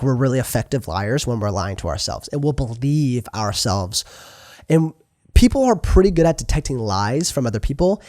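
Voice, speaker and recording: Lively young man preaching, dry sound. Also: mid-range voice, no echo. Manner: lively, conversational preaching with rhetorical questions. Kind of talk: sermon.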